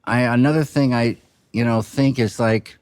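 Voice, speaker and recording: A film director speaking reflectively in an interview, halting and soft-spoken, with frequent restarts and trailing pauses. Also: male voice, mid-range voice, steady tone, clean tone, no echo.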